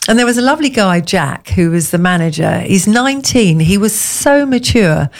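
A woman co-hosting a casual chat, telling rambling, animated anecdotes. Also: mid-range voice, moderate pace, creaky. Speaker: co-host.

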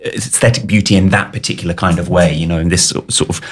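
A man's voice: deep voice, fairly even intonation, quick pace, husky. A man hosting a casual chat, speaking earnestly and often restarting his words.

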